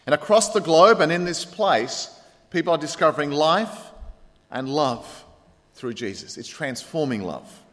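A man preaching a sermon as pastor, earnest, pressing on points and then dropping quiet. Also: on the high side, animated, a little slow. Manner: earnest preaching with rising emphasis and quiet drops. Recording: long hall reverb.

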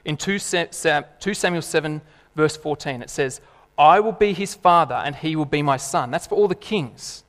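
A man in his thirties preaches a sermon with animated, emphatic delivery, his voice sitting a little high for a man. The sound rings with the long reverb of a church hall. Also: normal speed.

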